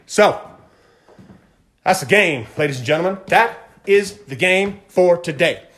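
A man hosting a podcast, fast-talking and fired up, giving a motivational monologue and repeating phrases for emphasis. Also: high-pitched, animated, fairly bright tone. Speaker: podcast host.

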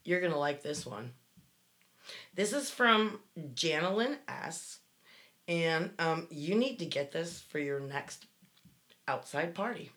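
A woman's voice: deep voice, animated, slow, pauses often, fairly bright tone. A woman co-hosting a casual podcast, reading listener messages and talking frankly, swearing freely. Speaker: podcast co-host.

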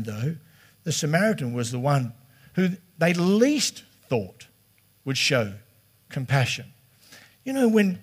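A middle-aged man preaching a sermon as pastor in a chatty, conversational way. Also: fairly high pitch. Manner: chatty and conversational, slipping into quoted voices.

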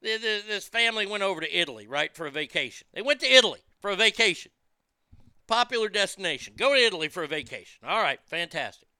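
Hosting a podcast talk show, a man launches into a profane, casual ranting monologue at a quick, sing-song pace. His high voice is very bright and crisp, swinging from low mutters to loud outbursts on a close, dry mic with no room sound.

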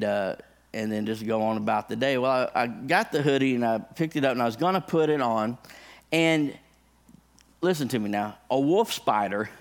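A man who is a pastor, telling a funny personal story as part of a sermon, animated, with his voice jumping up high when excited.

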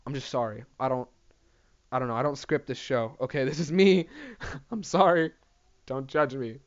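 A man's voice: mid-range voice, moderate pace. A young man hosting his own show in a profane, rambling, self-deprecating solo rant. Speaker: podcast host. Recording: dull lo-fi recording.

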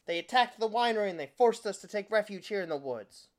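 A man's voice: high-pitched, lively intonation, fast talker, pitched above the performer's own voice. A man voicing a suspicious, agitated vineyard owner in a cloak, answering in short, defensive questions. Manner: curt, terse, defensive questions.

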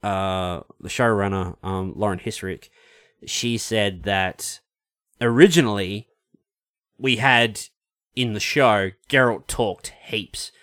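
A man's voice: lowish voice, slow, a bit bright, no room sound, clean studio sound. A talkative man co-hosting a podcast, rambling casually and swearing now and then. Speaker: podcast co-host. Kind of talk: casual chat.

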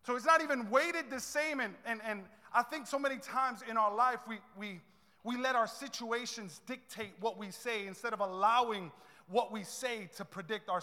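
A male pastor preaching a sermon, swinging between soft asides and loud, repetitive declarations. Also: very high voice. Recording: long reverb in a large hall.

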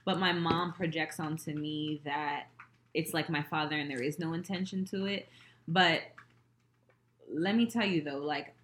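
A woman co-hosting a candid casual chat, telling stories in an animated, profane way. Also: low-pitched, a little slow, reverberant, a little hiss or hum.

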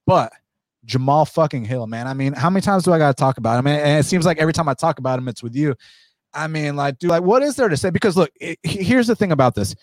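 A man hosting a casual podcast about fight betting, talking in an animated, rambling way with lots of swearing and fillers. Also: a little high, fast talker, no room sound. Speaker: podcast host.

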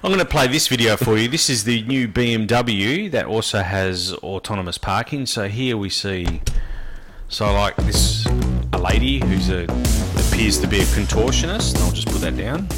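A man's voice: fairly low pitch, expressive, normal speed, loud music behind the voice. A man co-hosting a casual talk show, chatty and laughing as he talks. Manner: chatty, laughs while talking. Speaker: radio co-host. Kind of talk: casual chat.

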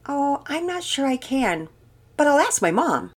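A woman's voice: high-pitched, very animated, a little slow, voice pushed up. An older woman voicing a curious young girl who asks eager questions. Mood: hopeful. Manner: bright, questioning.

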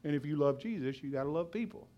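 Male pastor, fast and loud passionate preaching, drops into quiet low asides. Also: expressive, lo-fi sound, slight background noise. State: out of breath. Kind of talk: sermon.

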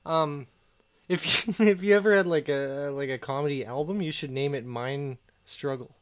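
A man's voice: a little high, moderate pace. A man co-hosting a podcast, riffing in crude, profane banter. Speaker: podcast co-host. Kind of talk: casual comedy chat.

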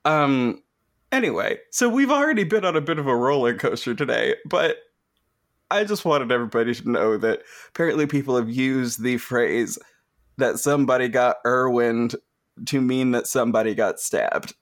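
A man's voice: mid-range voice, lively intonation, moderate pace. A man hosting a podcast in casual chat, laughing often and swearing freely as he tells the story. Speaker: podcast host.

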